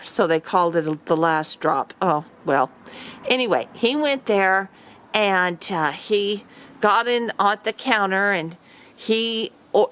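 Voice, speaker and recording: A woman's voice: mid-range voice, a bit bright. A woman vlogger casually telling a story to camera, rambling with many fillers and restarts.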